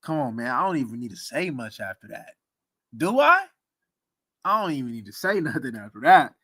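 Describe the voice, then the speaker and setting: Animated, laughing man talking sports. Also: mid-range voice, brisk, no echo. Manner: animated, laughs often, slangy and teasing. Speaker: sports commentary host. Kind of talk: casual sports talk stream.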